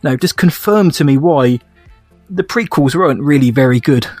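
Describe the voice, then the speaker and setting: A man co-hosting a casual podcast, with a voice a little higher than most men's. He jokes, laughs often and calls his friend mate. The sound is dry and close, with faint music behind him. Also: lively intonation, moderate pace, darkish tone, dry recording. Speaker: podcast co-host. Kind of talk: casual chat.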